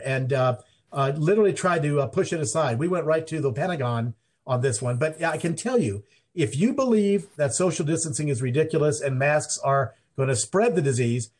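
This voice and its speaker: A man's voice: fairly high pitch, darkish tone. A man talking as an interview guest, rambling with many restarts and fillers. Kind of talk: conversational interview. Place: Mountain Time Zone.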